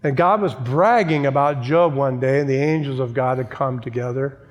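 A man's voice: mid-range voice, moderate pace, dull audio. A male pastor preaching a sermon, emphatic, repeating key phrases and asking the congregation for an amen. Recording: long church reverb.

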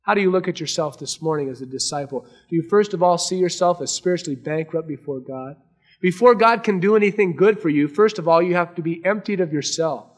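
A man preaching a sermon to a congregation, earnest, swinging between raised emphasis and hushed, quiet lines. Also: on the high side, a little fast. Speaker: pastor.

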